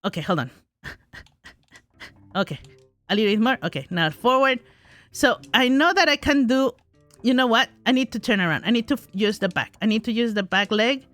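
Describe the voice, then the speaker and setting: A woman's voice: a little high, animated, moderate pace, long pauses, a bit bright, dry recording, faint music behind. A woman commentating her own gameplay, talking to herself, giggling often and crying out when things go wrong. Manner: giggly, self-talking, exclaims in frustration. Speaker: gaming streamer.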